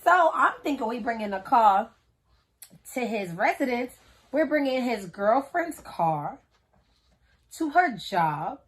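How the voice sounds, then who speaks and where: Woman vlogger, thirties, casual storytelling to a tripod camera, slangy and lively, acts out each character. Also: fairly high pitch, slow, pauses often. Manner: animated, slangy, acts out the people in her story.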